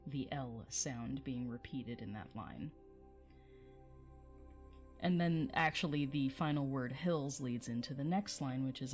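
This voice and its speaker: A woman's voice: very deep voice, slow, soft background music. A woman hosting a livestream, chatting casually with viewers and reading poetry aloud, often laughing.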